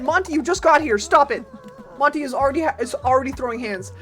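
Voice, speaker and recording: A woman streamer giving casual, chatty gameplay commentary, reacting loudly and talking to her chat and her game's followers. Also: high voice, lively intonation, fairly quick, soft background music.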